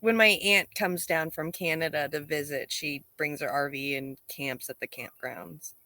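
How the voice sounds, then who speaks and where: A woman's voice: low voice, steady tone, normal speed, pushed and bright, no echo. Giggly woman co-host, dry close sound. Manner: giggly, agreeable, backchannels often. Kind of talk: casual chat.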